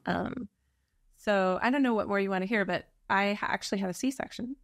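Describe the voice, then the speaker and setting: Earnest woman with a gravelly edge. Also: mid-range voice, fairly quick, no room sound, clean studio sound. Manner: earnest, reflective, with many restarts. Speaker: birth mother guest. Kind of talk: candid storytelling conversation.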